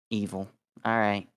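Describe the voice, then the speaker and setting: A player in a tabletop game, speaking in a halting, deadpan way. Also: sits low, clear, resonant tone.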